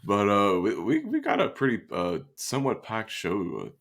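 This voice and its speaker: A man's voice: on the low side, wildly swooping pitch, moderate pace, a bit bright. A tired man co-hosting a podcast in casual chat, joking and laughing often. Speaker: podcast co-host.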